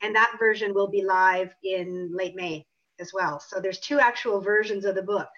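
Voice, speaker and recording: A woman's voice: mid-range voice, moderate pace, fairly bright tone. A woman author answering interview questions in an emphatic, assertive way. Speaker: author and pricing consultant. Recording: dull lo-fi audio.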